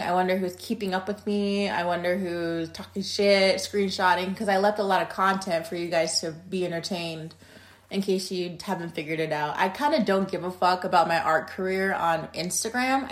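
Blunt, profane young woman telling stories. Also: mid-range voice. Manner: rambling, profane and blunt, with frequent tangents; loudness swings between emphatic bursts and muttered asides. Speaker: podcast host. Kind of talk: casual storytelling monologue.

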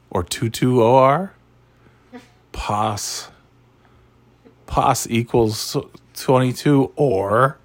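A man's voice: medium pitch, no echo. A man hosting a casual chat, rambling and sarcastic, swearing freely.

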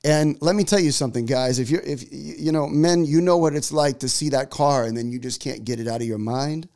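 A man's voice: medium pitch, a little fast, warm tone. A man in his forties, a pastor telling a story in a sermon, chatty and full of restarts. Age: 40s.

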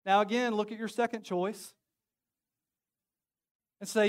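A man's voice: high-pitched, unhurried. A man preaching a sermon as pastor, joking and calling on his congregation to answer back. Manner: lively, joking, calls on the congregation to respond. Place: church sanctuary.

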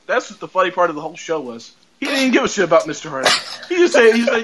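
A man hosting a podcast in casual chat, animated, laughing often and swearing freely. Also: high voice, quick pace, a little hiss or hum, poor audio. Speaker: podcast host. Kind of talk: casual chat recapping a show.

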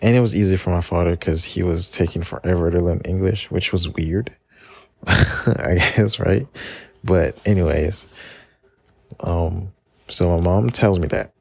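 A man in his twenties, described as in his late twenties, from Maryland in the United States, hosts a casual solo podcast, telling stories in a chatty, rambling way and correcting himself along the way. His voice is low-pitched with vocal fry, his pace measured, and there is no room sound.

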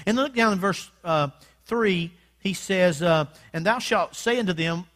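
A pastor delivers a sermon in a high, bright voice with a sharp edge. He reads scripture aloud and has the church repeat key phrases after him. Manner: preacherly, reads scripture, calls congregation to repeat. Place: church sanctuary.

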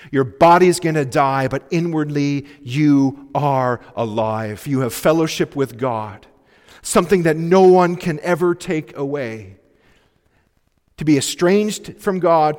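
A male pastor preaching a sermon, earnestly urging his listeners and dropping to soft pleas. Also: medium pitch. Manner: earnest, pleading exhortation with sudden soft drops. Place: church sanctuary. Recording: long reverb of a church hall.

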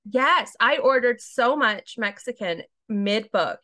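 A woman co-hosting a podcast with a bright, forward tone. She keeps the chat loose and casual, firing off crude jokes and teasing her co-host. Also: fairly high pitch, expressive, slow pace.

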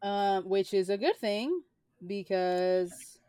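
A young woman co-hosting a podcast, rambling through her thoughts with plenty of filler words. Her voice sits at an ordinary middle pitch, and the recording is close and dry, with no room sound. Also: animated, slow pace, warm tone, clean tone, no room sound. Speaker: podcast co-host. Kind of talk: casual chat.

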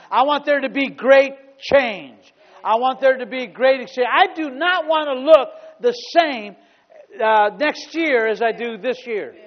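High-voiced preaching man in an echoey hall. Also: dull audio. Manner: emphatic preaching, repeats phrases, builds to loud exclamations. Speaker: pastor. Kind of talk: sermon.

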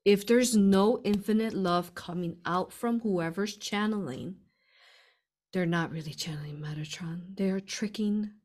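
A woman's voice: fairly low pitch, a little mellow. A woman hosting a live spiritual stream, answering viewer questions in a chatty way, laughing often and calling listeners "you all".

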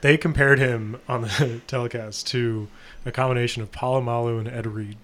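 A man's voice: medium pitch, steady tone, moderate pace, a bit bright. A man co-hosting a casual sports podcast, laid-back and agreeable, often backing his partner up. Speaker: podcast co-host.

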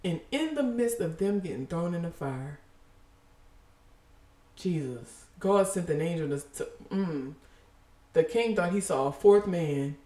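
A woman preaching a casual, passionate sermon, animated and emphatic, full of slang and repeated phrases. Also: lowish voice, roomy sound, recorded from a distance.

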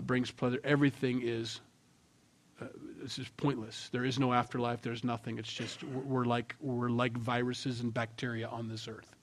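A man preaching a sermon in a conversational tone, swinging between loud emphasis and quiet asides. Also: medium pitch. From Norwegian heritage. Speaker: pastor.

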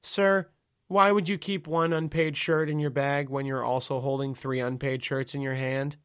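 A man voicing an unflappable female store clerk who speaks calmly, formally and deadpan. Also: mid-range voice, normal speed, clean tone, lightly acted. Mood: deadpan stern.

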